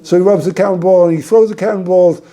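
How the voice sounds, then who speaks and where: A man's voice: high-pitched, fairly even intonation, fast talker, dark tone. A man, a rabbi, giving an informal talk to a small group, rambling through a story with many restarts.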